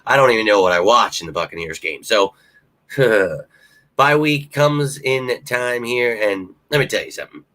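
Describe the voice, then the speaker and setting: A man hosting a casual live-stream sports talk show. He speaks to his viewers directly, thinks out loud and swears often. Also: on the low side, expressive, moderate pace, poor audio. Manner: restarts and fillers, thinks aloud.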